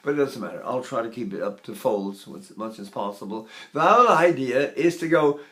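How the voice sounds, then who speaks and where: Elderly man teaching voice, unhurried. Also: medium pitch, animated, sharp tone. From United States. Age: 80s. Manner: unhurried, explanatory, breaks into sung and breathing demonstrations. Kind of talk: spoken vocal lesson with sung demonstrations.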